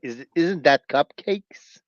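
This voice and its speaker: A man's voice: fairly high pitch, takes it slowly, no echo. A man with a French Canadian accent co-hosting a casual livestream chat, teasing and dropping into French. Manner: teasing, lively, switches into French. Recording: dull, dry lo-fi stream audio.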